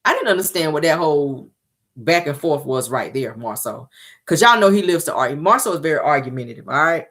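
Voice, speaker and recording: A woman's voice: low voice, lively intonation, brisk, fairly bright tone. A woman casually recapping a reality TV episode, talking sassily straight to her viewers. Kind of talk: casual show recap commentary.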